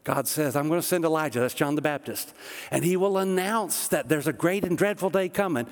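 Man, middle-aged pastor, passionate sermon, emphatic repetition, high voice. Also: fairly quick. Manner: impassioned, emphatic preaching with repeated phrases. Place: church sanctuary. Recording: long hall reverb.

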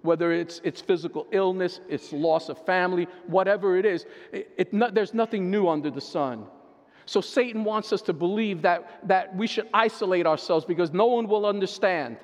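High-voiced man preaching in a reverberant hall. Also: normal speed. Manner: conversational preaching, keeps asking "right?". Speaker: pastor and therapist. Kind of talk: sermon. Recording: long reverb of a large hall.

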